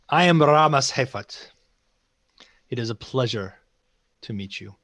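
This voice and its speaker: A man's voice: medium pitch, dry recording. A man playing a courteous human adventurer with formal, courtly phrasing, over a video call.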